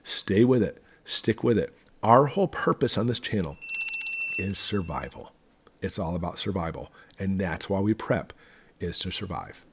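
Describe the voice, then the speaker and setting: A man's voice: low-pitched, expressive, normal speed, slight background noise. A man hosting a survival channel, talking emphatically and conversationally to camera. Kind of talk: direct-to-camera talk.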